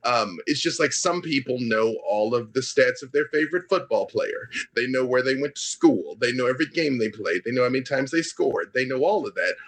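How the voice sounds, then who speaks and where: A male comic writer talking on a panel discussion in an animated, riffing way. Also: mid-range voice, brisk, few pauses, breathy edge. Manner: animated, riffing with quoted asides.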